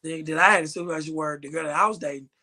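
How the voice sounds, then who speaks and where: A man's voice: fairly high pitch, very fast. A man co-hosting a podcast, chatting casually and telling stories with lots of swearing and slang. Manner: animated storytelling, swearing, slang-heavy. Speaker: podcast co-host. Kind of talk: casual chat.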